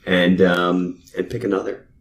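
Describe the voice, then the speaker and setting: A man's voice: low-pitched, flat delivery, a little slow, roomy sound. A young man co-hosting a podcast in casual chat, easygoing and a little hesitant, with many fillers. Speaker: podcast co-host.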